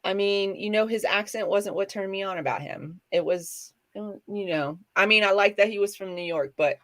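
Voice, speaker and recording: A middle-aged woman co-hosts a casual chat in a mid-range, slightly bright voice at normal speed. She's chatty and rambling, often correcting herself as she talks.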